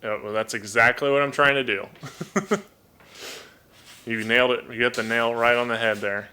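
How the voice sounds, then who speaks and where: A toucan keeper hosting a live stream talks casually about his birds from his home room, using a desk mic. He speaks fast in a mid-range voice that's steady, pushed and bright, clear, and resonant, frequently repeating words as he thinks.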